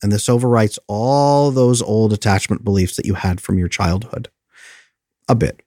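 A man coaching viewers on friendship in an emphatic, lively way, often acting out the lines he quotes. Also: fairly low pitch, normal speed, no room sound, clean studio sound. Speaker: attachment coach. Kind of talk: motivational talk to viewers.

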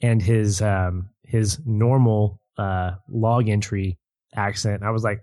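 A man's voice: fairly low pitch, fairly even intonation, slow, mellow, no echo, studio quality. A man chatting as a guest on a film podcast, rambling with restarts and easy laughs. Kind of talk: casual film podcast chat.

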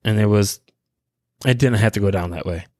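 A man hosting a casual solo podcast, rambling in a laid-back way and chuckling often while high. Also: normal speed, darkish tone, no echo. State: high on cannabis. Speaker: podcast host. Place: his own room.

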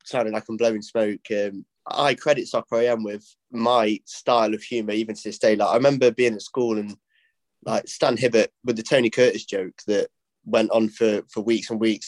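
A man's voice: lowish voice, normal speed, no echo. Chatty Black Country man, dry sound. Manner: chatty, laughing, excited retelling. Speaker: podcast host. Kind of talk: casual chat.

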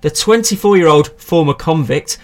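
A man's voice: a little high, moderate pace, darkish tone. A man hosting a comedy podcast, reading tabloid articles aloud in a dry, mock-serious way with wry asides. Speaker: podcast host.

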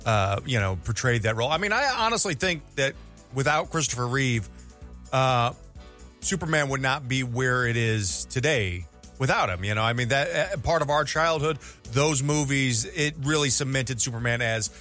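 A man's voice: medium pitch, lively intonation, moderate pace, bright, forceful tone, soft background music. A male radio co-host talking in casual chat, blunt and opinionated, with fillers and trailing restarts.

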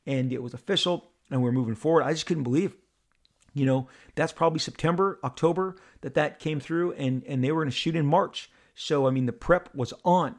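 A middle-aged man hosting a podcast, telling a personal story in an animated, halting way with many repeated words. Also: fairly high pitch. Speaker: podcast host.

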